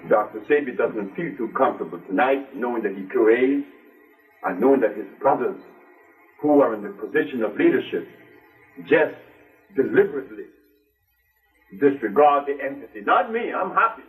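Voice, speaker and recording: A man's voice: medium pitch, animated, moderate pace, pauses often, phone-quality sound. An older man giving an impassioned speech to a live audience, emphatic and repeating phrases for stress. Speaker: speaker to an audience. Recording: distant mic with faint music.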